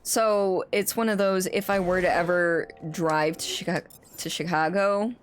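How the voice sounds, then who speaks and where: A woman with a slightly low voice streams a game and chats casually with her viewers. She rambles and restarts her sentences. Steady noise runs under her voice. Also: unhurried. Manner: rambling and chatty, with frequent restarts. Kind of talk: casual chat while playing and reading chat aloud.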